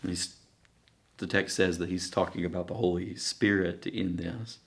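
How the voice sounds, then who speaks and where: Male preacher, sermon, conversational, halting, low voice. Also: level tone. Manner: conversational, halting, with many fillers and restarts.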